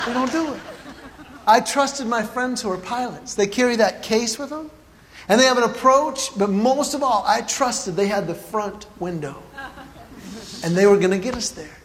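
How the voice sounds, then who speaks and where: A man's voice: extremely high pitch, moderate pace, fairly bright tone. A man telling a humorous personal story to an audience, animatedly acting out his own panic. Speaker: speaker. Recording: hall reverb, faint background noise.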